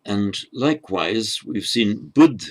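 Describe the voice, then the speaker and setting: A man teaching Sanskrit grammar in an unhurried lecture, patient and halting, often restarting his phrases. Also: fairly low pitch, lively intonation.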